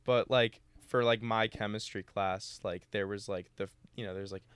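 A man's voice: on the low side, normal speed, smooth, no room sound. A young man, a college student co-hosting a podcast, chatting casually and acting out little scenes in his stories while swearing freely. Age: young adult. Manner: animated storytelling, acting out dialogue, swears freely. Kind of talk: casual chat.

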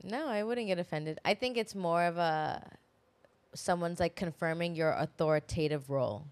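A woman's voice: fairly low pitch, moderate pace, clear, resonant tone. A young woman co-hosting a podcast, chatting casually, reacting with short agreements and frequent laughter. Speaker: podcast co-host. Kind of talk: casual chat.

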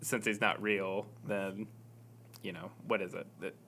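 A man's voice: on the low side, fairly even intonation, unhurried, creaky, pushed and bright, a little hiss or hum. A man co-hosting a casual church-related chat, playful and joking.

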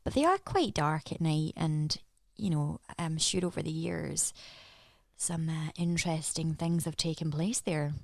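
A woman's voice: sits low, unhurried, vocal fry, a little mellow, dry recording, clean studio sound. A Scottish woman as a podcast guest, chatting in an easy, encouraging way. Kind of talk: casual chat.

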